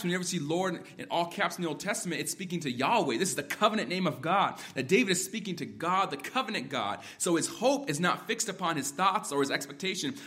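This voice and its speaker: A man preaching an expository sermon, moving between quiet reflection and emphatic exhortation. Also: fairly high pitch. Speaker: pastor.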